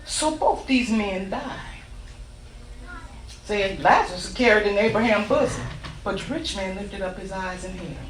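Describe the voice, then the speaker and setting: A woman's voice: medium pitch, lively intonation, moderate pace, far from the mic. Impassioned woman preaching in echoey church. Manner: impassioned, rising to shouts, storytelling. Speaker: minister. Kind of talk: sermon. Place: church sanctuary.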